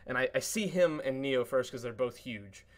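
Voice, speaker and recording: A man on a podcast telling excited stories with lots of cursing and fillers, acting out quotes in a much higher voice. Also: normal speed. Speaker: podcast guest. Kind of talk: casual podcast chat.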